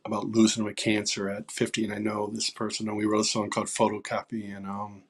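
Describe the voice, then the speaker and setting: Husky older man telling stories. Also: on the low side, monotone. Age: 60s. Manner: storytelling, halting with fillers, drops to whispers for quotes. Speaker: songwriter guest. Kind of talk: casual interview chat.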